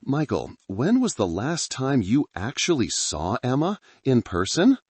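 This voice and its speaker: A man voicing a calm, wary male colleague working with the police, speaking in a measured, careful way. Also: medium pitch, slightly rough, no echo, voice pushed up, full character voice.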